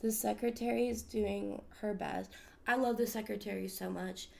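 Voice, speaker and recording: In a casual storytelling chat on her podcast, an American woman shares a personal story in a candid, emphatic way and swears freely. She has a creaky, mid-range voice with fairly even intonation, at a moderate pace.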